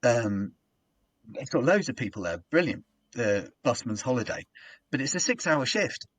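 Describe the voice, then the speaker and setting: A man's voice: mid-range voice, normal speed, dry recording. A man in casual chat, telling a comedy anecdote and acting out his old stage patter with rising energy. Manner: animated storyteller who acts out his own stage patter. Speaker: podcast guest, comedian.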